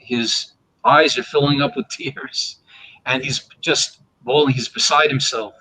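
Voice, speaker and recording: A man's voice: mid-range voice, a little hiss or hum, poor audio. A man telling a traditional folk tale on a live online panel, acting out the characters, then closing with a blessing. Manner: animated storytelling, acting out characters. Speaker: storyteller on a panel.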